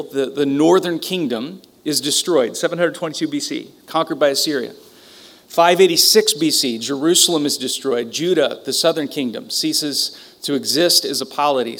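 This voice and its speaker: Man teaching a sermon, fairly high-pitched. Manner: conversational, with frequent fillers and restarts. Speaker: pastor.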